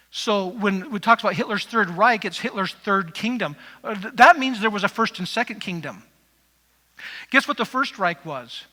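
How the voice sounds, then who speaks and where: In a church sanctuary with the long reverb of a church hall, a male pastor gives a conversational sermon, rambling and making asides to the congregation. His voice is high-pitched and bright, with a forceful tone.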